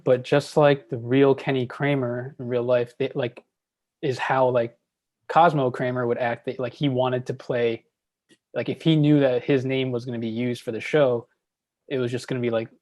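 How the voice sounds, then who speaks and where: A man's voice: mid-range voice, darkish tone, no room sound, studio quality. A man guest on a podcast, rambling casually through trivia with many fillers. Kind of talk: casual chat.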